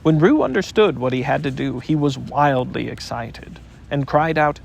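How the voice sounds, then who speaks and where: A man narrating a children's storybook audiobook in an expressive, gently paced reading. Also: mid-range voice, moderate pace, creaky, hardly any pauses.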